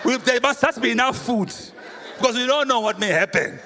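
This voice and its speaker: A man, a pastor preaching a sermon with humorous, animated storytelling and rhetorical questions. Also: very high-pitched, a little fast. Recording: reverberant hall, faint room noise.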